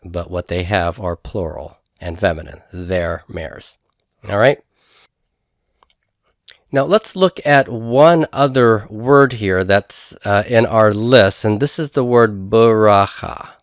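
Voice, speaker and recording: A man lectures on grammar in a somewhat low voice, recorded close and dry. He works through each step patiently, spelling out syllables slowly and pausing to check that his students follow. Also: dry recording. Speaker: Hebrew grammar teacher.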